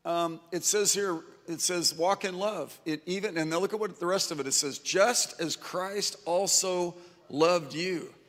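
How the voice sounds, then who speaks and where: Male pastor, slightly high voice, casual preaching in a reverberant church hall. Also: a bit bright. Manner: conversational, repeats words when restarting. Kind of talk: sermon.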